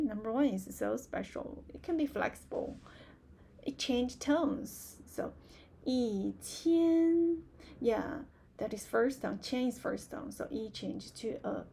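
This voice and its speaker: A Chinese woman teaching a live beginner lesson, explaining slowly and patiently with many fillers and repeated words. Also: a little high, creaky, dark tone. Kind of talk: live online language lesson.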